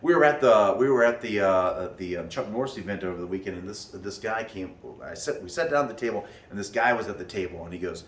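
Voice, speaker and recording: A man telling a story to his class as their teacher, animated, acting out what people said with many restarts. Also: fairly low pitch, fast talker, hardly any pauses, roomy sound, far from the mic, a little hiss or hum. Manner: animated, acts out quotes in raised voices, many restarts. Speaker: martial arts teacher leading a class. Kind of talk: storytelling lesson to students.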